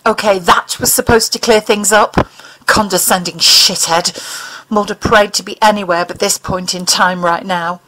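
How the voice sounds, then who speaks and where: A woman narrating an audiobook in an expressive, dramatic reading style. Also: mid-range voice, moderate pace, low-quality recording.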